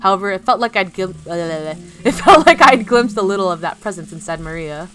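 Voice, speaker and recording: A woman's voice: medium pitch, expressive, moderate pace, few pauses, fairly bright tone, soft background music. Giggly woman streamer reading aloud. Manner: giggly, self-correcting, chatty asides.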